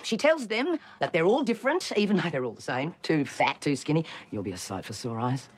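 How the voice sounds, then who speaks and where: A sly small-town gossip in a film, whose voice rises and falls a lot. Faint noise sits under the clip. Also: female voice, low-pitched, big pitch swings, brisk. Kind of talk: film dialogue.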